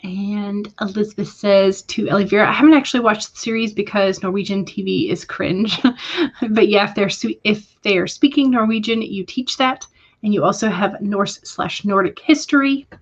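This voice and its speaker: A woman hosting a relaxed writing stream reads her viewers' comments aloud and chats back, pausing often with small fillers. Her pitch sits in the middle, and the sound is slightly dull, like a home streaming setup. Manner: hesitant, with frequent fillers. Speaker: livestream host reading chat. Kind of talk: casual livestream chat.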